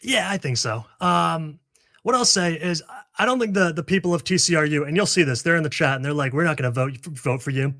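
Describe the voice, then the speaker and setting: A man's voice: on the high side, a little fast, pushed and bright. A man playing a candidate in a joke debate over voice chat, speaking with hesitant restarts and mock-serious bluster. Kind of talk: casual comedic role-play over voice chat.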